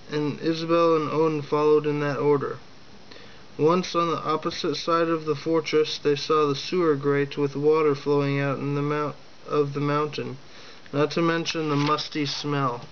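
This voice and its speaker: A man's voice: a little high, level tone, a little slow, highs cut off, slight background noise. A man reading his own fantasy adventure story aloud, voicing the characters with only small changes and a few slips. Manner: reads every character in a near-plain voice, with small slips.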